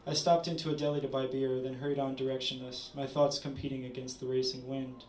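A man reading his own short story aloud at a literary event, measured with small stumbles. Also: medium pitch, flat delivery, darkish tone, a little hiss or hum. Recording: roomy, distant audience recording.

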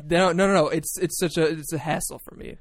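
A young man co-hosting a casual podcast, joking, swearing and often laughing. His voice sits a little high for a man. The sound is close and dry, with no room echo. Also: fairly even intonation, brisk. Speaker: podcast co-host. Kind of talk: casual banter. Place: small room at home. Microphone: desk podcast mic.

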